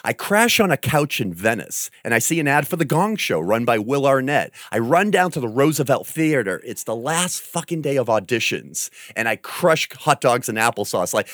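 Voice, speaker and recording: A man from New England telling a story in a casual, animated and profane way, often breaking into loud impressions. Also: medium pitch, normal speed, no echo, clean studio sound. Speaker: guest.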